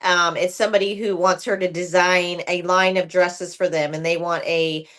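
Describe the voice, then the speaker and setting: A woman's voice: fairly low pitch, moderate pace. A woman co-hosting a casual recap chat, retelling scenes with lots of "like" and "um" and acting out characters' lines. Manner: animated retelling, acts out characters' lines, many ums and likes. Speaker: podcast co-host.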